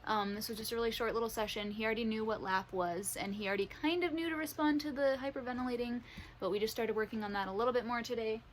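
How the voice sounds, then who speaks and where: A woman training her service dog at home, talking to the camera in a calm, practical way and praising the dog warmly. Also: fairly high pitch, fast, a little hiss or hum, low-quality recording. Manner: upbeat praise to dogs between calm explanations. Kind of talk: casual training vlog. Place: bedroom at home.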